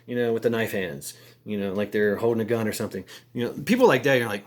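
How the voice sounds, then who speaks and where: A man talking casually to camera in a halting, rambling way, full of fillers, restarts and crude slangy asides. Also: medium pitch, expressive. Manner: halting, many repeated words and fillers. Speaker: vlogger.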